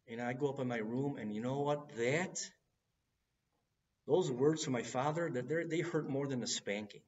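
A man preaching a sermon in an earnest way, building to loud cries at key moments. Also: mid-range voice, moderate pace, recorded from a distance, muffled recording.

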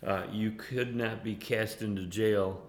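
A man teaching a Bible passage casually, halting often and chuckling between points. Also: lowish voice, steady tone, roomy sound. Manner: halting, with many fillers and chuckles.

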